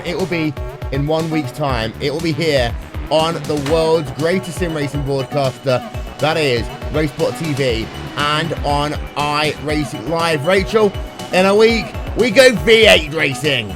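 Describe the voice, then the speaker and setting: Brisk male race commentator. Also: a little high, steady tone. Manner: brisk, playful play-by-play with dry jokes. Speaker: sim racing commentator. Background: music playing underneath.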